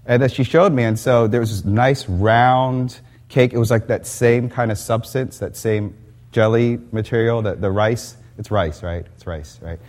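A man pastor delivers a conversational sermon at a church service. He speaks at a middling pitch and keeps a chatty, self-deprecating tone, often restarting his sentences. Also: fairly even intonation, normal speed, darkish tone.

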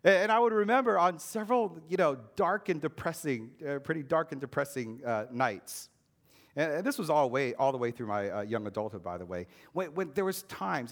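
A male pastor preaches a sermon that includes personal testimony, sounding earnest and emphatic. He slows down and drops his voice low on key words.

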